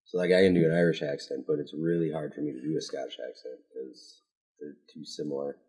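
An easygoing man chatting casually on a podcast and laughing often. His voice is extremely deep and warm. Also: level tone, fast talker, low-quality recording. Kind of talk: casual chat.

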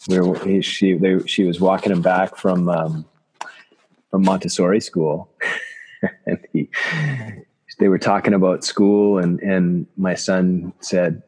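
A man, a chiropractor from Canada, telling personal stories in an interview, halting and reflective with many restarts. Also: low voice, flat delivery, a little mellow, husky. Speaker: guest, chiropractor.

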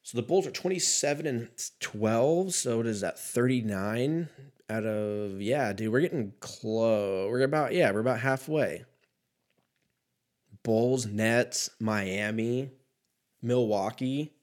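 A man's voice: mid-range voice, slow pace, a little mellow. A man in his thirties ranting casually about basketball in a rambling, profane, self-mocking way. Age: 30s. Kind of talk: casual solo sports rant.

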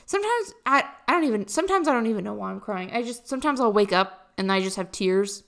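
A woman's voice: medium pitch, lively intonation, quick pace, vocal fry, a bit bright. A young woman in college chatting casually to camera, rambling and joking at her own expense with many fillers. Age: young adult. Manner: rambling, self-deprecating, lots of fillers. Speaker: college student vlogger. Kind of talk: casual chat.

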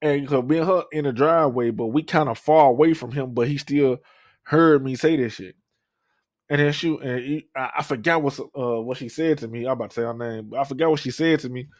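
A man's voice: medium pitch, fairly quick, dry recording, studio quality. A young man, telling a profane, rambling story on a podcast with lots of fillers and restarts. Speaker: podcast co-host. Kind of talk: casual storytelling.

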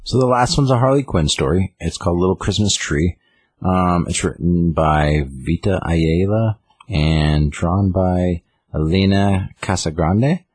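Very deep husky man, rambling. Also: a little slow, a little mellow, no echo, clean studio sound. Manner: rambling retelling with many fillers. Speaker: comic book reviewer. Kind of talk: casual chat.

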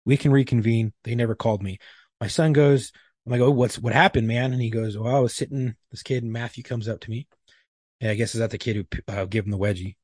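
A man's voice: mid-range voice, fast talker, darkish tone, husky, no echo. A man in his thirties co-hosting a podcast, telling a story in blunt, profane casual chat. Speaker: podcast co-host.

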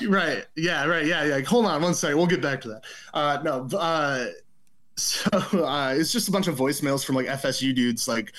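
A man in his thirties trades stories as a guest on a casual podcast. He tells them animatedly, laughing often and pitching his voice up to act out the people he quotes. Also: normal speed, a bit bright. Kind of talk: casual storytelling chat.

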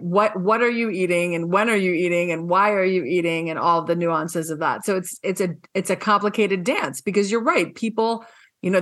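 A woman hosting an interview in a casual, chatty way. She is animated and emphatic and swears frankly. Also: medium pitch. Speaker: podcast host.

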